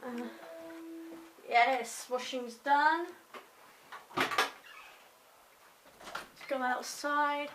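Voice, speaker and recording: Over a noisy background, a young English woman from Hampshire speaks in a high, steady voice, drawing out words and pausing at length. She's a chatty, rambling daily vlogger with a slight London twang and self-mocking asides, recording on a compact camera mic.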